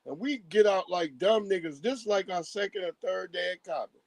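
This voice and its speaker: High-voiced man telling animated stories. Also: normal speed, no echo, poor audio. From Hempstead, Long Island, New York. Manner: animated storytelling, acts out quoted voices, profane slang. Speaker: storyteller guest. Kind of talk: casual podcast chat.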